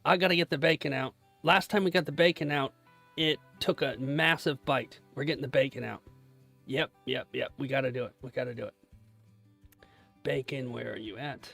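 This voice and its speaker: A man's voice: medium pitch, fairly quick, gravelly, a bit bright, soft background music. A young man chatting casually on a live stream, joking about himself and cheering his trades on. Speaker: livestreaming day trader.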